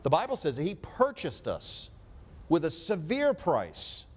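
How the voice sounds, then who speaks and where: A man delivering a sermon in a fairly high voice. He preaches emphatically, pressing his points and turning to the congregation for an amen. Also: wildly swooping pitch, a little slow, slight background noise.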